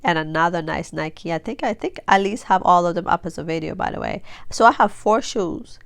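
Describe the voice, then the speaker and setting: This craft vlogger, a woman in her forties, talks casually as she crafts, rambling through a tutorial with plenty of fillers and false starts. Her voice is lowish, brisk and creaky, and her nose sounds blocked from sneezing. The recording is studio quality, with no echo.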